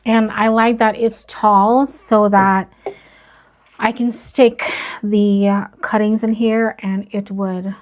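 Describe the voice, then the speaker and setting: A woman vlogging about plant care, talking softly and slowly as she works, with worried asides. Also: medium pitch, little pitch movement. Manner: slow, soft-spoken, worried asides. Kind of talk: casual narration while working.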